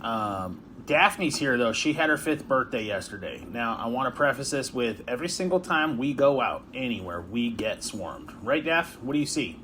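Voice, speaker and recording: A man's voice: medium pitch, expressive, moderate pace, hardly any pauses, pushed and bright, a little hiss or hum. A young man hosting a podcast, talking in a combative, preachy and taunting way. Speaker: podcast host. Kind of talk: heated phone confrontation and podcast intro.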